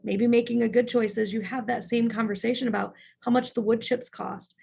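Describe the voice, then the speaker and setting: A woman's voice: a little high, steady tone, fairly quick, gravelly, darkish tone, husky. A woman leading a childcare staff training in a church parlor, practical and often checking in with "right?".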